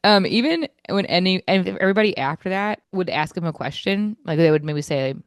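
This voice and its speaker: A lower-voiced woman co-hosting a chatty podcast, poking fun in a playful way and slipping into mocking impressions. Her voice sounds close and dry, with no room behind it. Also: animated, fairly quick, no echo. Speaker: podcast co-host. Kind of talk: casual chat.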